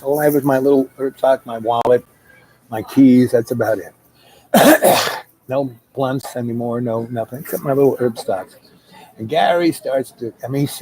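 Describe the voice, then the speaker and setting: A man's voice: medium pitch, warm tone, rough recording. A man with a plain mid-range voice rambles through a casual personal story. He coughs here and there. Faint noise and ambience hang behind him. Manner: rambling, with many fillers and restarts.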